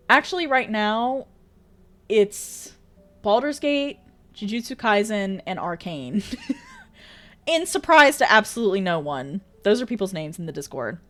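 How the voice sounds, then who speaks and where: A woman's voice: mid-range voice, sing-song, measured pace, pauses often, a bit bright. A woman streaming live, chatting casually and reading out viewer messages, exclamatory, swearing freely and laughing often.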